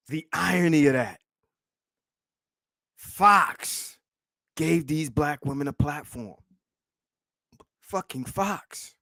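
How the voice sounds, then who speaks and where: A man's voice: fairly high pitch, very animated, slow pace, gravelly, pauses often, bright, forceful tone, no room sound, clean studio sound. Mocking, profane male livestream host. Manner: profane, mocking, laughs often. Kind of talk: casual livestream commentary.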